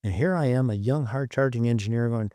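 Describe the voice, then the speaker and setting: In a brisk, mid-range voice with no echo, a middle-aged Michigan man and ex-engineer recounts stories as a podcast interview guest. He's an animated storyteller who acts out each quoted voice.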